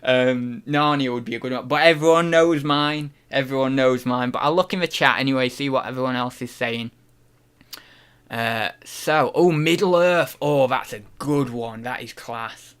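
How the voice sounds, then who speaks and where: A man's voice: medium pitch, normal speed, a bit bright, smooth. A man from the UK hosting a casual livestream, reading out chat questions and thinking aloud, often restarting and unsure of himself.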